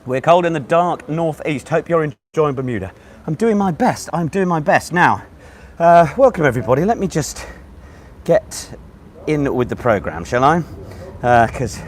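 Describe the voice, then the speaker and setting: A man hosting a live online pub quiz, chatting with viewers and reading out their messages while hoarse and still out of breath. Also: mid-range voice, slight background noise. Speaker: quiz host. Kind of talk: live-streamed quiz banter.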